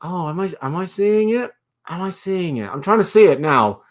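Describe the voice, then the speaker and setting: A man's voice: animated, moderate pace. A man hosting a casual livestream, rambling and laughing as he reads out viewer comments. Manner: coos in a high baby voice at a pet rabbit. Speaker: livestream host.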